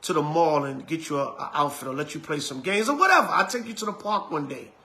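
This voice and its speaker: A man voicing a gentle aunt who softly coaxes her small niece. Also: fairly high pitch, animated, fast, voice pushed down. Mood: coaxing. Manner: soft, coaxing.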